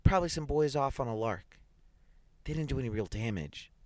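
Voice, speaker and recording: A man's voice: medium pitch, animated, brisk, darkish tone, no echo, voice pushed up, lightly acted. A man voicing a frightened wife who pleads anxiously with her husband in a read-aloud story. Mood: pleading.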